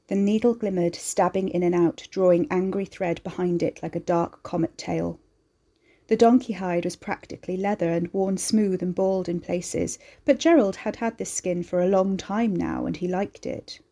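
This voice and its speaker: Woman with a lowish voice narrating a horror story. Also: fairly even intonation, normal speed, dark tone.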